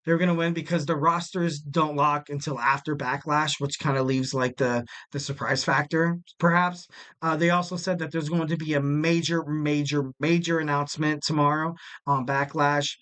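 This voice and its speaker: A man's voice: a little high, fairly even intonation, moderate pace, fairly bright tone. Jokey, rambling podcast host, a man. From West Coast of the United States. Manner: rambling, jokey, lots of fillers. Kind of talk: casual solo podcast chat.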